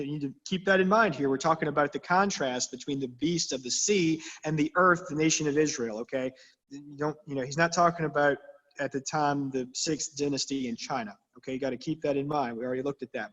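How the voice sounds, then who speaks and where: Husky man teaching a church Bible study. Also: a little high, a little fast, a bit bright. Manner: conversational, checks in with the group, reads scripture with emphasis. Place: church meeting room. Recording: long reverb of a church hall.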